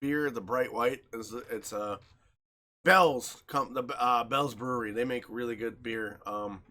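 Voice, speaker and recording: Laughing a lot and cursing without restraint, another podcast co-host tells stories with lively, acted-out flair in a casual chat. His mid-range voice runs a little slow.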